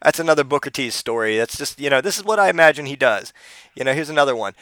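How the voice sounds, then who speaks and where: A man doing a comic impression of a brash, boastful male wrestling personality who drawls through tall tales and shouts taunts. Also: mid-range voice, animated, fast talker, no room sound, clean studio sound, close to an everyday voice. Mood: rowdy.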